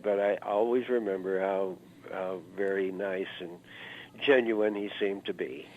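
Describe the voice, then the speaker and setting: A man's voice: fairly low pitch, slight background noise. A man in his seventies from Iowa, a musician telling stories in an interview, rambling and anecdotal, with plenty of "uh" fillers. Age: 70s. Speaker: guest musician. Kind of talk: reminiscing interview storytelling. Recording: narrow phone-like interview audio.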